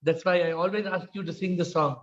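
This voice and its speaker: Older Indian-accented spiritual teacher on a video call, lively storyteller with a high voice; slightly muffled audio. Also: male voice, brisk. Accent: Indian English. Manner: storytelling, acts out quoted voices, frequent "huh?".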